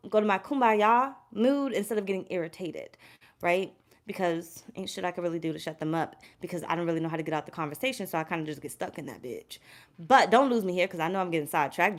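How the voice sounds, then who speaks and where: Here a tarot reader on a casual live stream speaks with a fairly bright tone at neither high nor low pitch. She meanders, swears openly, keeps returning to the same points, and pauses to welcome chat viewers.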